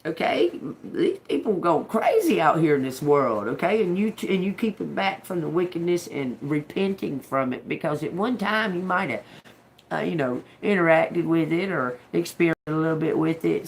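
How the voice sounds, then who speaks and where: A woman's voice: sits low, creaky. A woman giving a casual spiritual reading to a collective audience. She laughs often, swears freely and talks in a loose, streetwise way. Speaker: intuitive reader.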